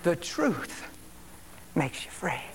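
A preacher giving a fervent sermon, calling listeners by name and swinging from loud exclamations to hushed prayer. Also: medium pitch, very animated, slow, a little hiss or hum.

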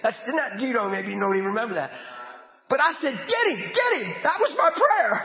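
A man preaching a sermon in a church, fervent and breaking into shouted bursts. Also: extremely high pitch, big pitch swings, fast, vocal fry. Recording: echoey church hall, dull lo-fi.

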